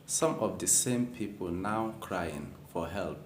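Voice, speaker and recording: Deep-voiced man narrating in a roomy space. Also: expressive, a little hiss or hum. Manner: measured, grave. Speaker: channel narrator. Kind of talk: scripted narration.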